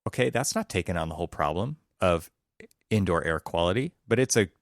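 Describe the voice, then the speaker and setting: A man's voice: low-pitched, expressive, a little fast, no echo, studio quality. A man co-hosting a casual architecture podcast, talking with emphatic, preachy energy. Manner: emphatic, preachy about disruption. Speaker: podcast co-host. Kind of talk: casual conversation. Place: California.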